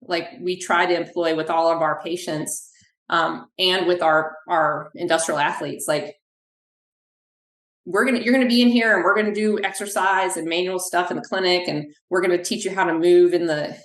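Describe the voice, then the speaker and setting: A woman physical therapist talking in a podcast interview, telling animated stories from her clinic. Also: fairly low pitch. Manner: animated, acts out quoted dialogue. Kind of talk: podcast interview, conversational storytelling. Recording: echoey room.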